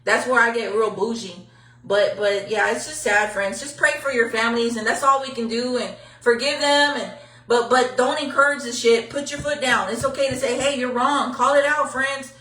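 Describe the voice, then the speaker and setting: A woman's voice: on the high side, fairly even intonation, moderate pace, sharp tone. Blunt woman, echoey and distant. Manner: blunt, heartfelt, swears freely. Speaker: local news livestreamer. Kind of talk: casual livestream monologue.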